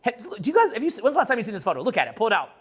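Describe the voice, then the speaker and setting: A middle-aged man giving a casual, profane, rambling talk to a live audience as a social skills coach, loud and excitable. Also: high-pitched, very fast, husky.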